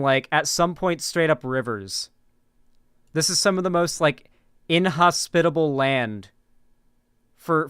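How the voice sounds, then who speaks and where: A man's voice: on the high side, bright, forceful tone, clear, resonant tone, dry recording, clean studio sound. A man from Florida doing casual livestream commentary, rambling with lots of "like" and restarts as he talks to his chat.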